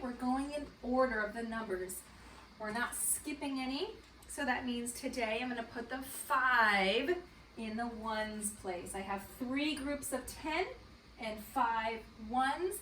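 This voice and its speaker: A woman's voice: fairly high pitch, a bit bright, far from the mic, slight background noise. Sing-song woman teacher in echoey room. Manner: slow, drawn-out and sing-song when counting with children. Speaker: elementary school teacher. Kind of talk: morning meeting lesson for young children.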